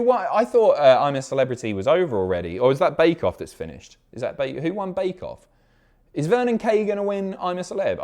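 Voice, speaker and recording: A man in his thirties hosts a live stream, chatting casually and reading out viewer messages. His voice swings widely up and down as he jokes and swears through the banter. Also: mid-range voice. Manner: animated, sweary, banter-filled.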